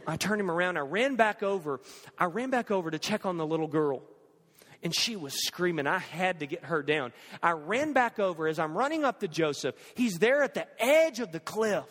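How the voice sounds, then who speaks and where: A middle-aged father telling a dramatic personal story, swinging between loud bursts and hushed whispers. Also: high-pitched, animated, normal speed, big-room sound.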